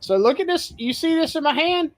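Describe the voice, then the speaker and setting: A woman hosting a podcast, telling a story in casual chat, animated and profane, acting out what others said. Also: high-pitched, a little fast. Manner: animated storyteller, swears freely, acts out quotes; laughs while telling. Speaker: podcast host.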